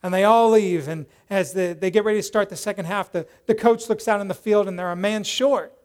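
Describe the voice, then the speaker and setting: High-voiced male pastor, animated sermon storyteller, shifts between acted-out shouts and hushed prayer. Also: brisk. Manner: animated storyteller, acts out quoted voices loudly, drops to soft prayerful tone.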